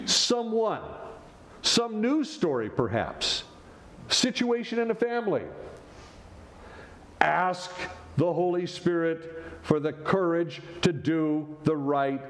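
A man preaching a sermon as pastor, animated and joking with the congregation between points. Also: a little high, takes it slowly.

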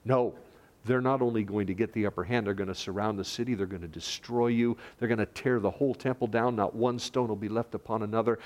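A man preaching a sermon as a pastor, lively, rising loud for quoted lines and dropping to hushed tones. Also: fairly low pitch, fast.

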